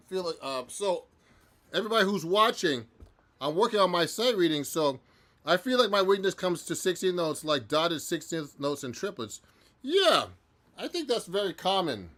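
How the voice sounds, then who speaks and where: A man's voice: high-pitched, expressive, normal speed, fairly bright tone. A man who is a professional musician and guitar teacher, chatting loosely through a live-stream practice session and answering viewers, with frequent restarts.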